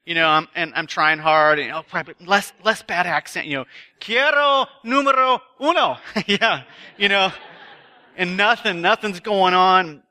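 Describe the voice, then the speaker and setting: Speaking at normal speed in a high, sharp-toned voice, a man delivers a chatty sermon at a retreat. The live audience hears him tell humorous personal stories that poke fun at himself.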